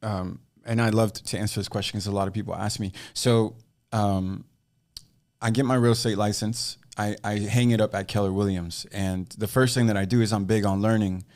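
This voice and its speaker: A man's voice: lowish voice, moderate pace. A man, a real estate agent, telling his story as a guest on an interview podcast, acting out the dialogue he quotes. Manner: animated storyteller who acts out quoted dialogue.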